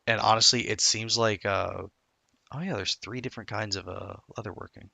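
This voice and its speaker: A man's voice: fairly low pitch, moderate pace, vocal fry, bright, forceful tone, dry recording. A man streaming a game, chatting casually and rambling through stories with many self-interruptions. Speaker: gameplay streamer. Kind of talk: casual gameplay commentary.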